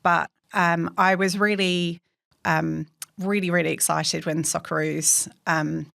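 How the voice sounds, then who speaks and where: Woman, podcast co-host, gravelly, lowish voice, chatty, laughs a lot. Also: fairly even intonation, slow, a bit bright. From England. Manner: chatty, laughs often, many fillers. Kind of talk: casual chat.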